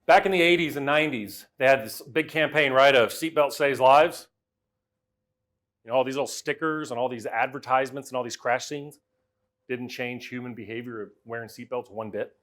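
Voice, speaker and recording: A middle-aged man giving a lively storytelling talk, swinging from loud to quiet as he acts out the voices he quotes. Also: medium pitch, normal speed. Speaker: speaker.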